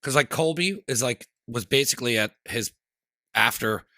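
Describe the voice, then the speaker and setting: A man producing a podcast, joining the casual chat with joking, animated stories. His voice is bright and forward. It is captured dry and close. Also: mid-range voice, normal speed, no echo.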